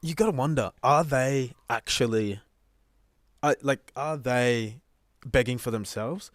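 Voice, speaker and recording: A man's voice: mid-range voice, unhurried, no room sound, studio quality. A man co-hosting a podcast, chatting casually and thinking aloud in a reflective way. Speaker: podcast co-host. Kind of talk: casual chat.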